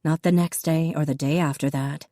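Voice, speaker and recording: A woman narrating a novel with a steady, even delivery. Her voice is low and mellow, and the recording is close and completely dry. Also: moderate pace, no echo. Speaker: audiobook narrator. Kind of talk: scripted narration.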